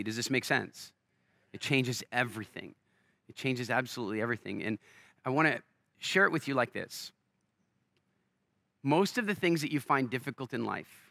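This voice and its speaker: On a festival stage, a keynote speaker with a mid-range voice gives an energetic motivational talk. He tells stories and acts out the voices of the people in them, with no echo on the recording.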